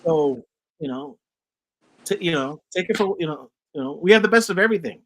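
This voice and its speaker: A man's voice: high voice, big pitch swings, fairly quick, creaky, fairly bright tone. A man hosting a casual chat podcast, rambling through stories with lots of fillers. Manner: rambling, many fillers and restarts. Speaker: podcast host.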